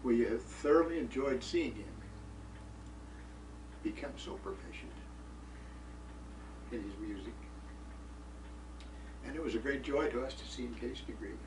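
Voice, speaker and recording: A man's voice: medium pitch, measured pace, long pauses. A middle-aged man telling a family story in a homespun way, often repeating "I said" and "he says.". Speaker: father giving a tribute. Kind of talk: storytelling testimony. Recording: roomy room picked up from a distance with noise.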